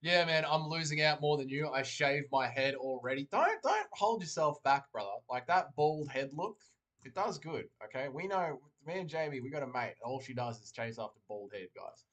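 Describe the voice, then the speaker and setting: A man's voice: fairly high pitch, lively intonation, moderate pace, fairly bright tone. A man hosting a casual livestream, joking and rambling while reading chat aloud from a desk mic. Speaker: livestream host.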